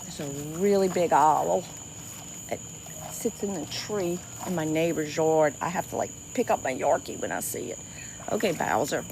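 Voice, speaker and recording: Her fairly low voice swings widely in pitch at a moderate pace, with a little hiss or hum in the audio. A South Louisiana woman with a Cajun accent, she hosts an outdoor livestream by a swamp river at night, chatting with viewers, laughing easily, and restarting often with lots of "y'all."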